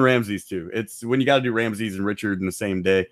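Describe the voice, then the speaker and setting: A hoarse man, a voice actor, talking crudely and jokingly as a podcast guest. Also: lowish voice, brisk, no echo, studio quality. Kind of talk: casual podcast chat.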